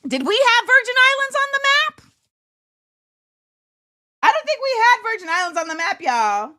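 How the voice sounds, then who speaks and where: A woman hosting a casual livestream, chatting with viewers. She jumps between loud, excited exclamations and quiet muttering to herself. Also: very high-pitched, normal speed, no room sound, studio quality. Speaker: host.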